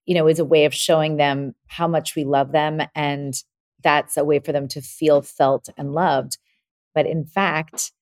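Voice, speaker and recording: Give a woman podcast host with a very low voice, recorded close and dry. She talks in a reflective way and works her thoughts out aloud with her guest. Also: a little mellow, dry recording. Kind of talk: conversational interview.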